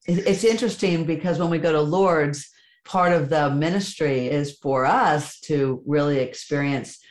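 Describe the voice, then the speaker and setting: A woman hosting a podcast, speaking softly and measured as she reflects and converses. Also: low voice, reverberant. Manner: soft and measured, at times tearful in the retelling. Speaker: podcast host.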